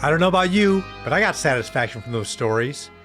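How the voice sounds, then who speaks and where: A male podcast host reads his scripted links with a higher voice that swings widely in pitch. He delivers his wordplay in a bright, upbeat announcer's way. Faint music plays under him. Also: expressive, quick pace.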